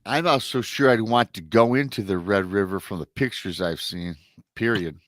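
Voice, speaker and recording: A man's voice: lowish voice, normal speed, fairly bright tone, dry recording. A man from Michigan hosting a live show, chatting in an easygoing, casual way. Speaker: host.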